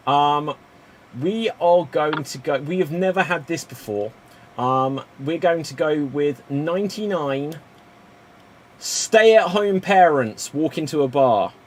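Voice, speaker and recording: A man's voice: on the high side, animated, takes it slowly, slight background noise. Upbeat man hosting an improv game. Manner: upbeat, calls on players by name. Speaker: improv host.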